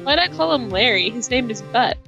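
A woman's voice: fairly high pitch, animated, brisk, creaky, sharp tone, dull audio, faint music behind. A woman casually playing a game with a friend, teasing and dry. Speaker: co-player. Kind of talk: casual gaming chat.

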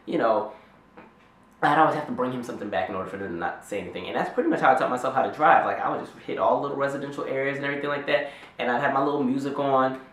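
Animated young man telling a story. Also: medium pitch, racing, reverberant. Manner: animated, rambling storytelling with many "like"s. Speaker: vlogger. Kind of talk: storytime vlog.

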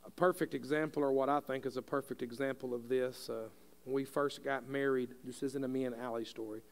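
A middle-aged man, preaching a sermon as a pastor. He tells a folksy family story, then rises into forceful preaching. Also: medium pitch, fairly even intonation, fairly quick, vocal fry.

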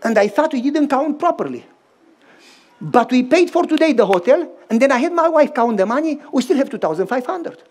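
Male pastor, Romanian accent, sermon storyteller who acts out the voices, swings loud and soft. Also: very high-pitched, fairly quick. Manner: animated, acts out dialogue in shifting voices.

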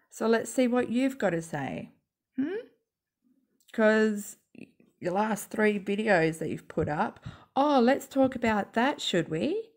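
Woman w a croaky gravelly voice, slow sarcastic rambling, smoking at home. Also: medium pitch, darkish tone. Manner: sarcastic, talks while smoking. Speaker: YouTube commentator. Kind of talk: rambling casual monologue.

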